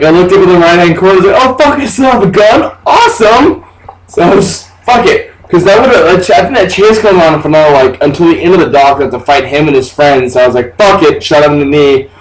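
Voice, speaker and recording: A young man casually commenting on a video game he is playing, rambling and joking with lots of swearing. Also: on the high side. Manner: profane, rambling, jokey. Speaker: let's play gamer. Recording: distant mic with clear background noise.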